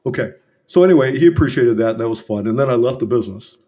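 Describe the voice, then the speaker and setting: Middle-aged guy on a podcast, warm soft voice, owning up to his mistakes, thoughtful. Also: mid-range voice, animated, quick pace. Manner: reflective, earnest, self-critical. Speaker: business consultant, podcast guest. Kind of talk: candid conversational storytelling.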